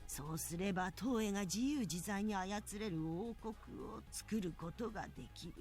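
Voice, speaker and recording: A woman's voice: mid-range voice, fast talker, a little mellow, soft background music, lightly acted. A woman voicing a stern, knowing elderly grandmother in a visual novel. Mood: grave, explaining. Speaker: game character. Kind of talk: Japanese visual novel voice acting.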